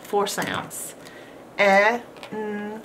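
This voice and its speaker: A woman's voice: mid-range voice, little pitch movement, drawn-out words, very noisy. A woman teaching a homeschool phonics lesson, patiently sounding out each letter and syllable.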